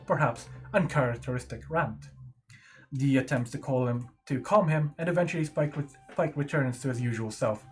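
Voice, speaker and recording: A man reading a scripted recap of the last tabletop game session in a steady storytelling manner. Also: medium pitch. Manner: steady storytelling read with small self-corrections.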